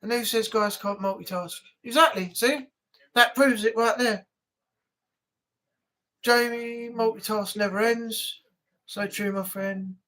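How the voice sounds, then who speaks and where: A man's voice: sits high, steady tone, slow, long pauses, pushed and bright. A man hosting a casual live chat stream from home, chatty and grumbling, swearing now and then.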